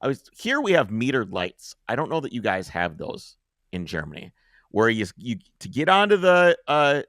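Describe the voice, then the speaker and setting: A man at a podcast mic spins a story in a loose, casual way, swearing freely and acting out each scene. His pitch swings widely as he talks, and the recording is dry and close with no room sound. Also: wildly swooping pitch, normal speed, a bit bright, dry recording.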